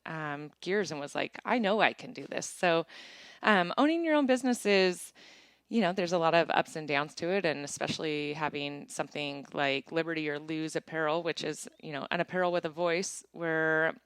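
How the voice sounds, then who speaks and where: A woman who founded an apparel business, chatting casually in an interview and telling stories with lively acted-out quotes. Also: sits low, moderate pace, clear, resonant tone, no room sound. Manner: chatty, animated storytelling with bright acted-out quotes. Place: small town in Montana.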